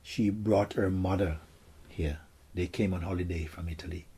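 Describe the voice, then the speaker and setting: A man, a spiritual teacher, gently telling stories and answering questions for a gathering in a soft, hushed way. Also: low voice, steady tone, normal speed, breathy edge. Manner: soft-spoken, gentle storytelling, often drops to a hush.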